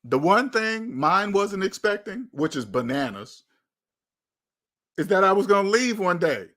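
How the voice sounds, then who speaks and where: A man's voice: high-pitched, very animated, measured pace, a bit bright. A man, hosting his own channel and giving blunt, emphatic advice in a candid monologue, often repeating phrases for stress. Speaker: channel host.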